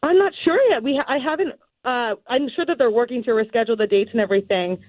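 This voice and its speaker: A young woman tells her story over a tinny phone line, giggling often and acting out the voices. Her voice sits a little high and sounds dry and close. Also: fast talker, no room sound. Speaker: guest caller. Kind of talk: casual phone interview.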